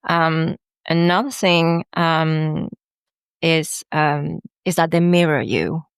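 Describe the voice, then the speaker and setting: French-accented woman, podcast guest, low-pitched, hesitant and halting, dry close recording. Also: clean tone, no room sound. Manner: hesitant, many fillers and restarts. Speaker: life coach guest. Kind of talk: casual podcast chat.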